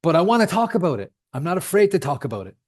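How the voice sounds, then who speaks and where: A man's voice: a little high, big pitch swings, racing, a little mellow. Ranting, swearing podcast host man. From outside the United States. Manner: heated, swearing, emphatic. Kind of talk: solo podcast rant.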